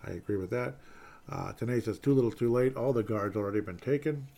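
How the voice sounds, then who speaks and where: A man's voice: mid-range voice, a little fast, dark tone. A man hosting a casual sports talk stream, reading viewer comments and rambling through self-mocking asides. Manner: rambling, self-deprecating, drops to mumbling asides.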